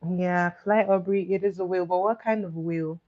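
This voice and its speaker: A woman's voice: on the low side, fairly even intonation, fairly quick. Woman hosting trivia on a lo-fi stream. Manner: coaxing, reads questions out to chat and repeats them. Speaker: livestream host running trivia. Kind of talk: casual live trivia chat. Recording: dull lo-fi stream audio.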